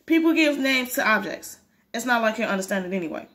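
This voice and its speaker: A woman voicing a detached male professor, speaking in a flat, matter-of-fact way. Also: a little high, fast talker. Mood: dry. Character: aloof, blunt male professor, calm and detached.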